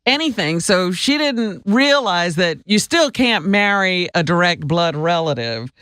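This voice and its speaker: A woman's voice: fairly low pitch, animated, unhurried, a bit bright, clear, resonant tone, dry recording. A woman co-hosting a talk radio show, chatty and joining in the banter. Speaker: radio co-host.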